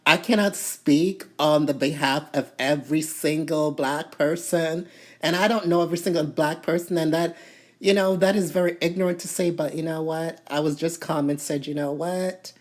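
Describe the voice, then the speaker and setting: A woman from Toronto telling a story to camera in a casual, animated way, full of "you know" fillers and indignation. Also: sits low, moderate pace. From Toronto, Canada. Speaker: vlogger.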